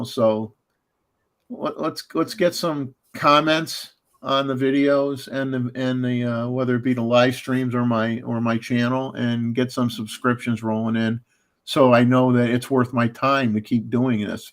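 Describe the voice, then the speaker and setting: A man's voice: mid-range voice, fairly bright tone. A man hosting a casual livestream chat, rambling with lots of fillers and restarts and chuckling often. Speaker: livestream host.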